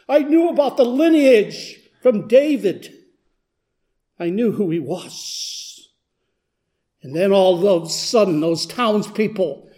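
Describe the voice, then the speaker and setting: A man with a very high, dark-toned voice performs a first-person dramatic monologue as a blind beggar. Speaking earnestly, he builds in intensity as the character moves from humble to desperate.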